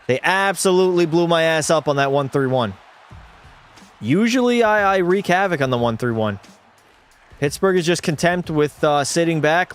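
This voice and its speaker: A man's voice: a little high, moderate pace, soft background music. A young man streaming a hockey video game, calling the plays like a broadcaster, swearing freely and talking to his chat. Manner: excitable play-by-play, swears freely, talks to chat. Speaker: gaming streamer.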